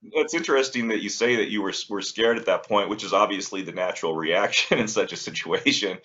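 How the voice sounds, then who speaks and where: A male co-host asks questions in a measured way, with fillers. His voice is very low yet bright and forceful. The audio is dull and lo-fi. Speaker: co-host and interviewer. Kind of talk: podcast interview questions.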